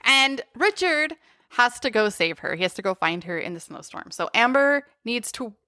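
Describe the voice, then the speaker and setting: A woman co-hosting a podcast, recapping a film in casual, animated, exasperated chat. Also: a little high, normal speed, no room sound, studio quality. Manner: animated, exasperated storytelling with frequent laughs. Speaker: podcast co-host.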